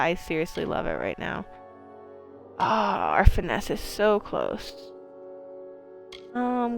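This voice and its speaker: A woman gives loose, chatty gameplay commentary as a streamer, wandering from one thought to the next. She swears freely and leans on plenty of fillers, with a voice of ordinary, middling pitch for a woman. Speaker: game streamer.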